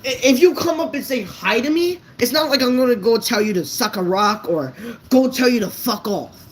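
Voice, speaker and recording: A woman's voice: a little high, expressive, moderate pace, a little hiss or hum, rough recording. A woman vlogger ranting unscripted to her viewers, blunt and profane, stumbling over her words. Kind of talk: unscripted rant to camera.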